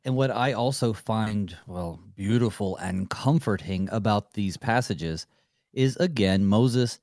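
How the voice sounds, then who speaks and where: A man hosting a Bible study discussion, reading scripture aloud in a measured, reflective way. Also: fairly low pitch, a little mellow, no room sound. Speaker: host.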